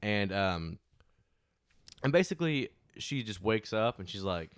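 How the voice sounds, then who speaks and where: A man recapping a film's plot in casual chat, with quick laughing asides. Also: fairly low pitch, big pitch swings, clear, resonant tone, no room sound, studio quality. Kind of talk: casual film discussion.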